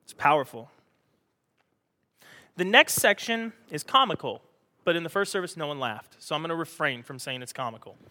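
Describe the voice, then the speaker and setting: A male pastor preaching a sermon, animated and joking, acting out the scripture he reads. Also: on the high side, moderate pace, long pauses, big-room sound.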